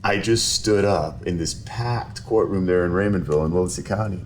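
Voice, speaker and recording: A man, a lawyer, telling a story in a casual podcast interview, animated and quick to laugh while acting out quotes. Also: low voice, a little hiss or hum. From South Texas. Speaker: personal injury lawyer, podcast guest. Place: podcast studio.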